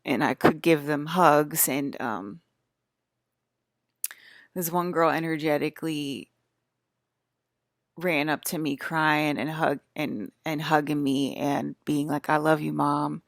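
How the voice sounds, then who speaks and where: A woman's voice: sits low, steady tone, slow, pauses often, no echo. A woman, a mother, rambling casually to her audience from a hotel room, often restarting her sentences. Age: adult with children. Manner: chatty, wandering, restarts mid-sentence. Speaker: vlogger.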